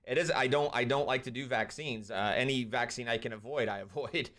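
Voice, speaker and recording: A young man hosting a live stream, ranting and commenting on a clip, swinging between loud outbursts and quieter asides. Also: mid-range voice, fairly quick. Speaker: streamer host.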